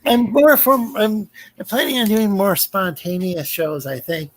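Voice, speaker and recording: A man chatting casually on a stream, hesitant and halting, feeling unwell. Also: high voice, fairly bright tone, rough recording. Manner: hesitant, halting, many restarts. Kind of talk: casual chat.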